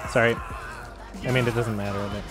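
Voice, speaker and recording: A man streaming a co-op game in casual chat, excitable, swearing and yelping when hit. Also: fairly low pitch, brisk, over music. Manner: excitable, swears often, yelps at hits.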